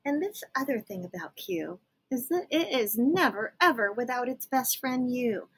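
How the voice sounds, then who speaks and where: A young woman teaching young children letter sounds, slowly and patiently sounding out each letter. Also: fairly high pitch, sing-song, breathy edge. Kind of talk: phonics lesson for young children.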